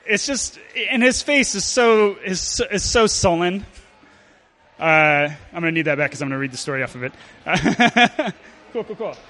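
A man telling and reading a comic story at a live show, halting and full of fillers. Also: high voice, animated, bright, forceful tone. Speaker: storyteller performer.

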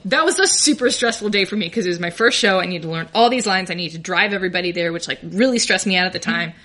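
A young woman tells a candid, self-deprecating story about her own life and laughs through her lines. Her voice sits a little low but rings bright and clear. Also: quick pace. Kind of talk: live personal storytelling.

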